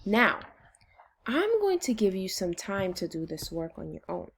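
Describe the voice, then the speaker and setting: Woman teacher doing phonics, slow n encouraging, sounds out every syllable, voice goes up and down a lot. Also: mid-range voice, sing-song, vocal fry, slightly rough. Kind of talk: phonics lesson for children.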